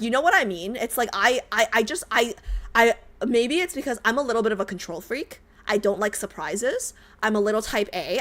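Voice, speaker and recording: A woman streamer chatting casually while reacting to a game, animated and emphatic, swearing freely and repeating herself. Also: mid-range voice. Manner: swears casually, reads chat aloud.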